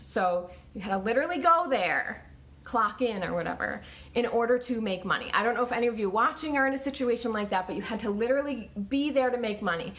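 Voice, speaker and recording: A woman's voice: medium pitch, fairly bright tone. A woman in her thirties telling her own story to camera in a casual, conversational way, with many fillers. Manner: conversational, lots of "like" and restarts.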